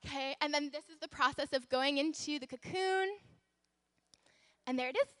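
Woman children's teacher, lively storyteller, high bright voice, dry sound. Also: moderate pace, dry recording. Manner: animated, exclamatory, encouraging.

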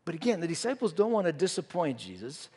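Man, pastor, sermon, storytelling, slightly high voice, long hall reverb. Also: very animated, quick pace, darkish tone, slightly rough. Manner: storytelling, acts out disciples' voices.

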